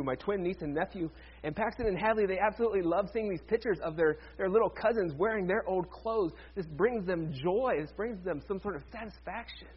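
A man's voice: high voice, husky, lo-fi sound. A man, a pastor, preaching a sermon in a conversational way with joking asides to the congregation.

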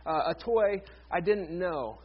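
A man's voice: high voice, expressive, takes it slowly, highs cut off, a little hiss or hum. A man, a pastor, preaching a sermon in a conversational way with joking asides to the congregation.

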